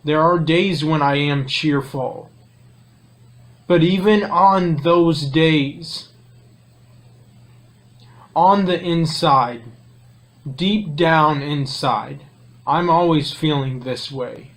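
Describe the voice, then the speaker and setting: A man's voice: on the high side, very slow, pauses often. A man in an emotional confession, hesitant and self-critical, sighing between words. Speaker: guest.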